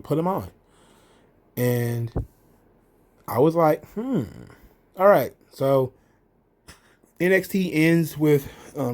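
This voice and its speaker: Casual male commentator, rambling and animated as he recaps. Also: on the high side. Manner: rambling, many fillers and restarts, animated retelling. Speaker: wrestling show commentator.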